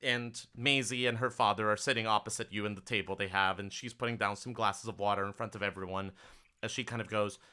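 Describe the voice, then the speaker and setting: A man's voice: on the low side, fairly even intonation, fast talker, pushed and bright, clean tone. A man running a tabletop game as game master, narrating casually and loosely. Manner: casual, loose with fillers and hedges.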